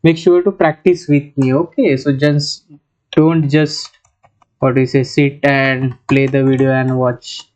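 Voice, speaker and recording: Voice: mid-range voice, little pitch movement, a little slow, darkish tone. A programming tutor, thinking aloud through a coding lesson with many restarts and bits of Hindi. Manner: mixes in Hindi phrases. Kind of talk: screen-recorded coding lesson. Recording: slightly muffled, lo-fi sound.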